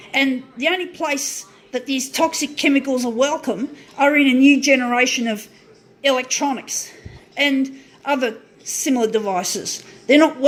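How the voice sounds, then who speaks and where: High-voiced woman on a profane rant. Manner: swears heavily, frustrated, restarts sentences. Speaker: small business owner ranting on video.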